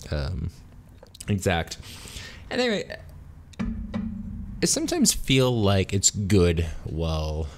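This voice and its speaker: In an off-the-cuff solo vlog, a man with a deep voice talks in a rambling, self-mocking way, stopping and starting again. He's a little tipsy from a beer.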